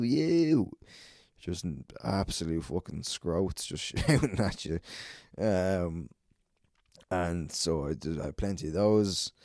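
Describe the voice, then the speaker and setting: A man's voice: deep voice, darkish tone, no echo, studio quality. A man who hosts a podcast and does stand-up, telling a profane, rambling anecdote on his own. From Ireland. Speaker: podcast host and stand-up comedian. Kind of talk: casual solo podcast storytelling.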